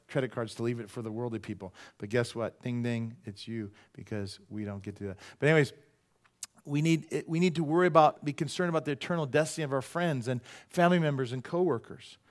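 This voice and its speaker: A man preaching a sermon as pastor, conversational and jokey, swinging between loud emphasis and quiet asides. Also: mid-range voice. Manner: jokey, drops into quick playful voices.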